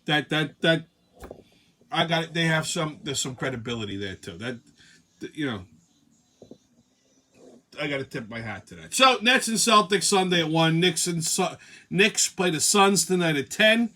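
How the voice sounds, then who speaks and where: A man's voice: on the high side, animated, normal speed, pauses often, pushed and bright, a little hiss or hum. A man hosting a comedic monologue show, profane and laughing at his own jokes. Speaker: host.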